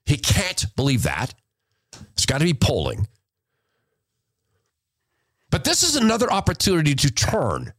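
Heated, animated male podcast host. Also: a little high, unhurried, pauses often, no room sound. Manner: heated, emphatic, sarcastic. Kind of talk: podcast commentary rant.

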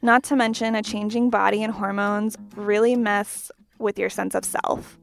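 Supportive woman with gravelly voice. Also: medium pitch, little pitch movement, normal speed, faint music behind. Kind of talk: casual group chat.

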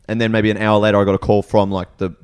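A man's voice: on the low side, quick pace, smooth. A man in casual podcast chat, telling a story with lots of laughter. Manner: animated storytelling, laughs often. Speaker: comedian podcast guest.

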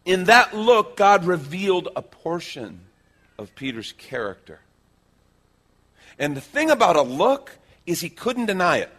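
A man preaching a sermon, telling stories with lively shifts into acted-out quotes. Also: a little slow. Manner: animated storytelling, acts out quotes with big pitch swings. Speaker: pastor.

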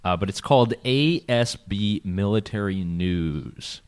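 A man's voice: fairly low pitch, lively intonation, unhurried, a little mellow, clear, resonant tone. A man co-hosting a podcast, talking casually with lots of fillers and restarts and laughing often. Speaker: podcast co-host. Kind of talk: casual conversation. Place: Vienna, Austria.

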